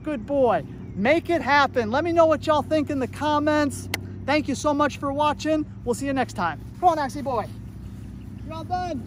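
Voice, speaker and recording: A man's voice: extremely high pitch, moderate pace, a little hiss or hum. A man working as a dog trainer, giving a casual, upbeat tutorial outdoors and praising his puppy as he coaches.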